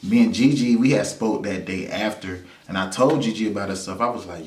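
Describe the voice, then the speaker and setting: A man hosting his own vlog, telling a personal story in a loose, animated way with frequent laughs and repeated phrases. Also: on the low side, fairly quick, hardly any pauses. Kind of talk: casual storytelling monologue. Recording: roomy sound from a distance to the mic.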